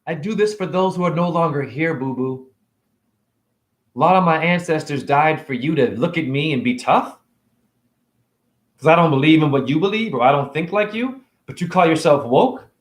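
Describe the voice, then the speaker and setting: A man giving a provocative, preachy spiritual rant on his own vlog, swinging between loud outbursts and soft asides. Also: fairly high pitch, moderate pace. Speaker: self-styled spiritual teacher. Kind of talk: ranting vlog monologue. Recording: roomy echo.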